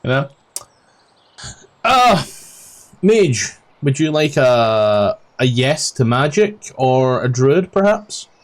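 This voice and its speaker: A Scottish man in the dungeon master's seat recaps the last session in a loose, rambling way, peppered with ums and the odd swear. His voice sits at an ordinary middle pitch. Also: sing-song, slow, pauses often. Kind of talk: casual tabletop game recap.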